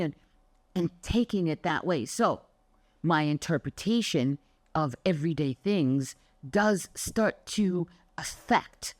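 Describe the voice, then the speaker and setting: Speaking slowly in a low-pitched voice, an older Pilates instructor gives a motivational talk, emphatic and expressive, performing the stories she tells. The recording has no room sound.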